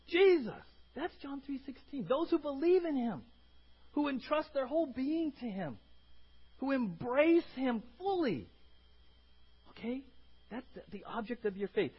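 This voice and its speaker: A man with a high voice preaches a sermon as pastor. He is emphatic, repeats his words and climbs to loud cries. The recording sounds dull and lo-fi. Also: breathy edge.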